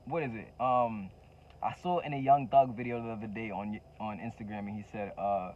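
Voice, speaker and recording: Speaking briskly in a fairly low voice, a man who coaches entrepreneurs runs his own channel and gives the camera a motivational talk. The sound is phone-quality, and he drops casual slang while repeating key phrases with fervor.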